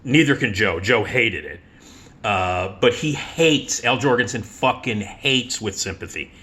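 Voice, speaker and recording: In an unhurried, low-leaning voice, this middle-aged radio host tells personal stories as a casual monologue, laughing as he goes and swearing liberally in an animated style.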